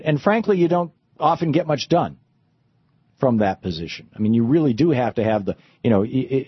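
A man's voice: lowish voice, husky, no room sound, dull audio. A middle-aged man hosting a talk radio monologue, rambling with frequent restarts and fillers. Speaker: radio host.

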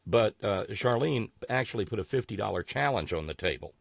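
A man's voice: lowish voice, expressive, fairly quick, gravelly, no room sound. A man hosting a casual political talk show, rambling and sarcastic, with many restarts. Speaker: host.

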